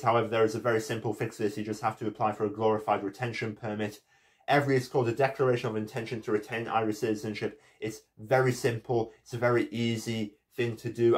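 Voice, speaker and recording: Fast-talking man explaining in a vlog. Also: lowish voice. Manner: conversational, opinionated, frequent "you know" fillers. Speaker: channel host.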